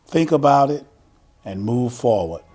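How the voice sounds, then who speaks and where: A male host speaking slowly and deliberately, addressing viewers with a reflective message. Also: mid-range voice, lively intonation, a little mellow, soft background music. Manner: slow, deliberate, instructive. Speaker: host, narrator.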